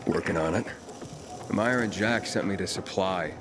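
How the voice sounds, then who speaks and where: An actor playing a calm, terse man on a mission. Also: sits low, moderate pace, background noise, natural voice.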